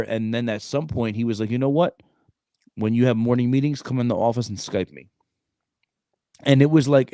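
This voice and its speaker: Podcast co-host, man in his thirties, low voice, close dry mic, animated storyteller heavy on slang. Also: no echo. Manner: animated, streetwise slang, frequent "bro". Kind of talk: casual storytelling chat.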